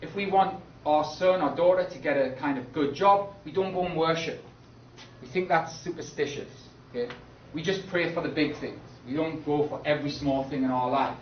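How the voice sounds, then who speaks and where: A male teacher lecturing a class in a slow, emphatic way, often checking in with "okay?". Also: a little high, a little hiss or hum. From Britain. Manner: repeats "okay?" to check understanding, slow emphatic key words. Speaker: English teacher. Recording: echoey classroom from far off, dull and lo-fi.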